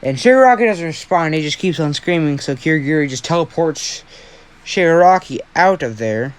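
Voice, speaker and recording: A man's voice: fairly high pitch, animated, moderate pace, clear, resonant tone. A young man who hosts a fan-story channel, telling an improvised story in a rambling, self-deprecating way with a lot of swearing.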